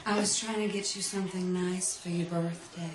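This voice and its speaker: A woman's voice: lowish voice, fairly even intonation, normal speed, noisy background, close to an everyday voice. An actress playing a grown daughter who answers her mother in a proper, defensive way.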